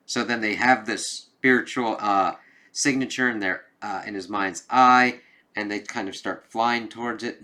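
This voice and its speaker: A man's voice: lowish voice, pushed and bright. A man giving a casual, rambling comic book review, swearing now and then. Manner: rambling, loose, with swearing and filler phrases.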